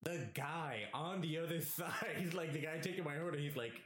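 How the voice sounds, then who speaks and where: A young man telling a story in casual chat, animated, swearing freely and acting out the voices of people he quotes. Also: a little high, moderate pace, hardly any pauses. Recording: echoey room.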